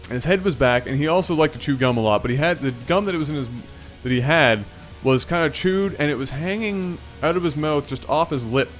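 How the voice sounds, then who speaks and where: A man casually telling a long story to his viewers, animated and rambling. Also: fairly high pitch, brisk, few pauses, faint music behind. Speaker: storytelling video host.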